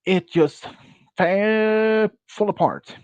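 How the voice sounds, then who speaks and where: A man's voice: high-pitched, a little mellow, dry recording. A man chatting with friends on a stream, speaking English with a Swedish accent, rambling and correcting himself. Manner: rambling, halting, self-correcting, laughs often. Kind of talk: casual chat with friends. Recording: muffled dry close mic.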